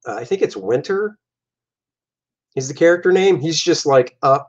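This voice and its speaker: A man's voice: a little high, animated, normal speed, darkish tone. A man, a comic artist and host, casually talking through his own artwork in a loose, jokey, rambling way. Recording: dull lo-fi recording.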